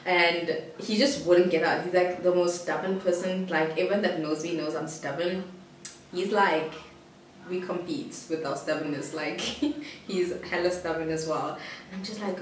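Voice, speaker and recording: A woman's voice: lowish voice, fairly even intonation, moderate pace. A young woman from South Africa telling a personal story to camera, rambling and giggly, with many "like" fillers. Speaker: vlogger. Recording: roomy echo, distant mic, faint hiss.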